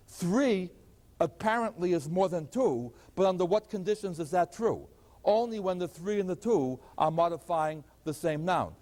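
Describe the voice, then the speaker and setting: A man's voice: high-pitched, dark tone. A man teaching a math lecture, explaining step by step and posing rhetorical questions to the class. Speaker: mathematics lecturer. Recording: long hall reverb.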